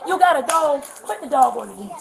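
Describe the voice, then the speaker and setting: A woman gives an officer a heated, cursing account, picked up by a bodycam. Her voice is high and gravelly and swings widely in pitch. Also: lively intonation, over a noisy crowd. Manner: heated, cursing, rapid storytelling. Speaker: woman being questioned by police. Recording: bodycam audio.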